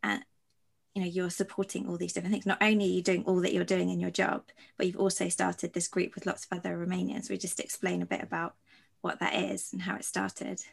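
Low gravelly woman host. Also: little pitch movement, a little fast. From London. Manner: reflective, rambling with fillers. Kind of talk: conversational interview.

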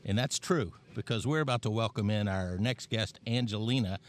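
A man's voice: fairly low pitch, normal speed. A man hosting a podcast, interviewing a vendor at a fair with a jokey, upbeat manner. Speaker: podcast host.

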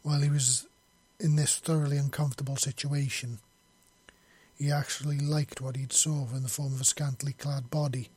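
A man narrating a story in a steady, measured audiobook reading. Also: medium pitch, slightly rough, no room sound.

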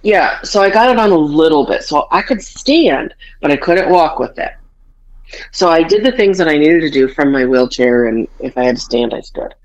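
A woman's voice: deep voice, animated, normal speed. A woman hosting a casual podcast, telling a story with bawdy humor and acting out both sides of a conversation. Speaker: podcast host. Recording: dull lo-fi podcast audio.

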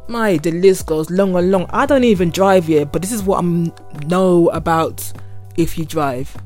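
A woman's voice: fairly low pitch, a little slow, soft background music. Chatty London woman podcaster. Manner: chatty, slangy, animated. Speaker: podcast host. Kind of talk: casual solo podcast rant.

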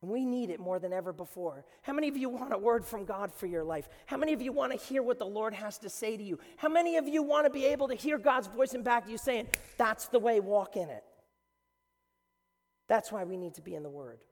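A man preaching a sermon with passion, building up to shouts. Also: high-pitched, animated, fast talker, few pauses, in a large hall.

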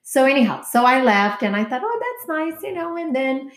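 A woman's voice: sits high, lively intonation, a little fast, fairly bright tone. Frank, foul-mouthed woman telling stories. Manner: candid, profane storytelling with quoted dialogue. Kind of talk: casual chat. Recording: echoey room.

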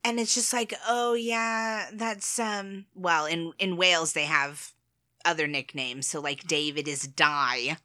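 A woman's voice: lowish voice, takes it slowly, sharp tone, clear, resonant tone. A woman co-hosting a podcast, chatting casually, laughing often and restarting her sentences. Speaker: podcast co-host. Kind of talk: casual chat.

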